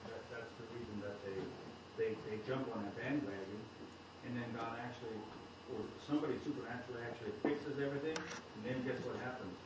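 A man from the congregation speaking up during a sermon, halting and repeating himself. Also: mid-range voice, steady tone. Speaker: congregation member. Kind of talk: comment from the audience. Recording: distant, roomy, very noisy.

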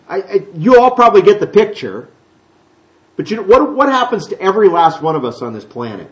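A man preaching a sermon, teaching from the Bible in a chatty, folksy way, reading scripture aloud and slipping into quick voices. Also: high voice, big pitch swings, fairly bright tone, lo-fi sound. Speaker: pastor.

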